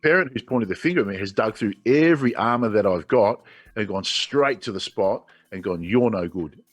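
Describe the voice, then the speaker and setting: A man in his forties with an Australian accent speaks briskly and expressively, his voice on the low side, with faint music behind. As an interview guest he tells his own story candidly, earnest and emotional, often restarting his sentences.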